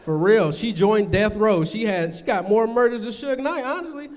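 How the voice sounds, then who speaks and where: A stand-up comedian works a live crowd in a fairly high, darkish-toned voice at normal speed, telling loose, rambling stories. He slips into squeaky put-on voices for other people, and the venue's long reverb rings around him.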